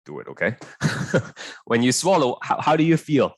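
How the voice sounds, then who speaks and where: A man's voice: medium pitch, big pitch swings, normal speed, dry recording. A young man teaching an online biology tutorial in a chatty, hesitant way, full of fillers and "right?" checks with his students.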